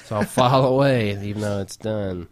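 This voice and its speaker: A young man with a low, deep voice chatting casually. He jokes around, stumbles and restarts often, and swears freely. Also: moderate pace, a little mellow. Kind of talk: casual chat.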